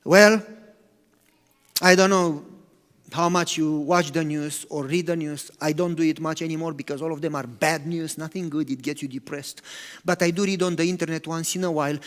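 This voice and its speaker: A man preaching a sermon as pastor, animated, swinging from loud to hushed. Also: fairly high pitch, moderate pace. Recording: long hall reverb.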